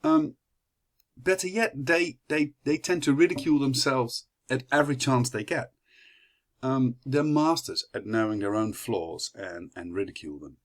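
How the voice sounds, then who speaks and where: A man's voice: medium pitch, expressive, moderate pace. A young man from the Netherlands with a Dutch accent, giving a chatty class presentation full of fillers and restarts. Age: young adult. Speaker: student presenter.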